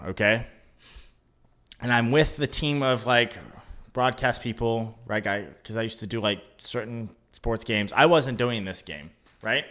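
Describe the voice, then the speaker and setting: A man co-hosting a casual podcast chat, talking in an animated, ranting way and laughing often. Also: mid-range voice. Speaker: podcast co-host.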